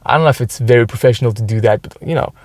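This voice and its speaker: A man's voice: mid-range voice, rapid-fire, darkish tone, no room sound. Man talking in his car. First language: French. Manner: ends sentences with "right?", restarts often. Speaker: podcast host. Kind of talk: casual solo podcast monologue. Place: inside his parked car.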